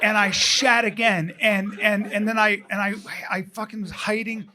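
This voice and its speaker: High, bright-voiced man telling a comic story. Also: moderate pace. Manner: animated, shouts out sound effects, drops to muttering asides. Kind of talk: comedic storytelling to a live audience. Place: live comedy club stage.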